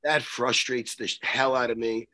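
A man's voice: mid-range voice, fairly even intonation, moderate pace, sharp tone. A man joining a casual interview chat, talking animatedly, jumping in and swearing freely.

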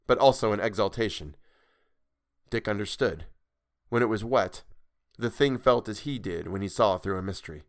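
A man narrates a storybook in a measured, expressive way. His voice sits fairly low, and he reads the text with care. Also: clear, resonant tone, no echo, studio quality.

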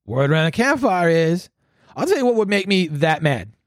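Male solo podcast host, foul-mouthed sarcastic rant, fairly high voice, dry close sound. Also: very animated, normal speed, dry recording. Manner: profane, rambling, sarcastic. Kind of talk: solo ranting commentary.

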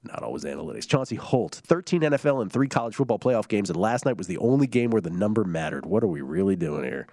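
A man's voice: mid-range voice, sing-song, gravelly, dark tone, no echo, studio quality. A man hosting a sports betting show, chatting casually and reading listener tweets aloud, humming fillers between them. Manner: quick, loose delivery with filler hums and restarts.

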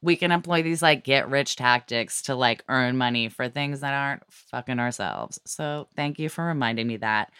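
A woman co-hosting a podcast in casual chat, chatty and quick to laugh, with lots of fillers. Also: very deep voice, a bit bright, smooth, dry recording, studio quality. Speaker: podcast co-host.

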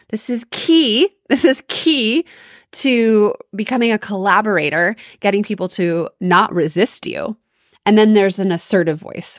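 A woman's voice: on the low side, no room sound, clean studio sound. A woman hosting a solo podcast, giving upbeat, emphatic coaching advice on sales calls. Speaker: podcast host.

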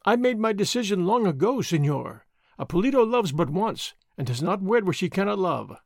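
A man voicing a devoted young noblewoman who speaks softly and earnestly. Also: sits high, sing-song, moderate pace, creaky, dry recording, studio quality, heavily acted. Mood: tender. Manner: soft, earnest pleading.

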